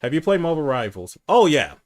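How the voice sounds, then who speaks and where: A man hosting a casual livestream chat, candid and profane, who says he speaks low and rambles with restarts. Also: sing-song, a little fast.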